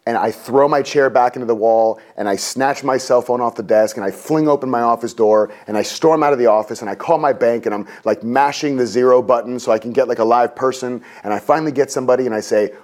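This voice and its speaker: A man in his forties, a guest on an interview show, telling a personal story in a lively way and acting out what people said. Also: quick pace, few pauses. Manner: lively, acts out quotes with raised pitch.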